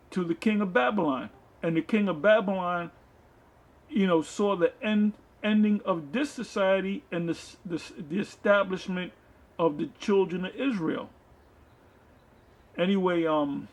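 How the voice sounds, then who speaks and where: Gravelly man preaching on scripture. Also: high-pitched. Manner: reads verses aloud, then explains them loosely with fillers. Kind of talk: scripture teaching.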